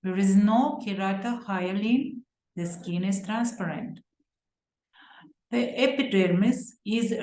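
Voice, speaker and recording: A woman with an Uzbek accent giving a medical lecture from slides, reading deliberately and pausing on fillers and self-corrections. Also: medium pitch, darkish tone. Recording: roomy echo.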